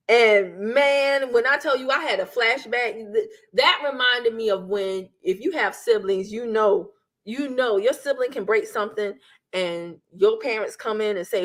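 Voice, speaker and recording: A woman with a slightly high voice gives casual legal commentary, chatting straight to her viewers. She is animated and talkative, and she slips into the voices of the people she quotes. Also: normal speed. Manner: chatty, addresses viewers as "y'all", acts out quotes. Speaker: legal commentary channel host.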